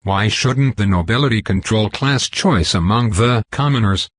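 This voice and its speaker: A man voicing a calculating young noblewoman student who speaks slowly, in a storybook reading. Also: lowish voice, natural voice. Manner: slow and calculating.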